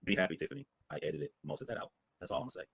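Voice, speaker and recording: A very deep, gravelly man fires off reaction commentary at a rapid clip. He's confrontational and mocking, swearing freely. The sound is close and dry. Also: sing-song, a bit bright, no echo. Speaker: commentary host.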